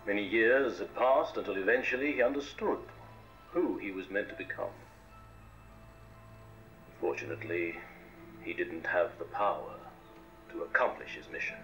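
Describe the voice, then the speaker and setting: An actor playing a calm, mysterious male mentor who speaks slowly and in measured pauses, in film dialogue. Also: on the low side, faint music behind, close to an everyday voice, poor audio. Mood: cryptic. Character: cryptic calm male mentor revealing secrets.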